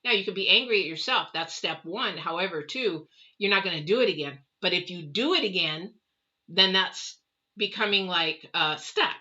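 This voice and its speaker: Middle-aged woman, live tarot reader, rambling chat to viewers, low-pitched, muffled lo-fi audio. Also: expressive, moderate pace, pushed and bright. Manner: chatty and rambling, addresses viewers directly.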